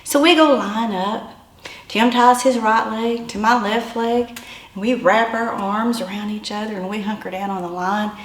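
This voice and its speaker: A woman telling a personal story in an animated way, building to yelps and shouts. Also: mid-range voice, a little slow, roomy sound.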